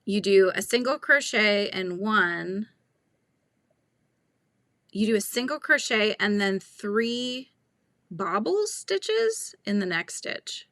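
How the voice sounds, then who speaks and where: A woman's voice: mid-range voice, very animated, slow pace, long pauses, a bit bright, dry recording. A woman hosting a live crochet chat, thinking aloud and talking through pattern steps with viewers. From California. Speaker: crochet livestream host.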